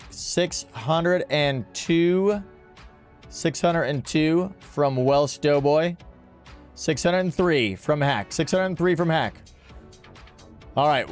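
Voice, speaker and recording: A man hosting a livestream, calling out bids in an auction with rhythmic, repeated phrases and upbeat chatter. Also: fairly high pitch. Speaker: livestream host running a charity-style auction. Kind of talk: live stream auction calling. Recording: music playing faintly behind. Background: faint background music.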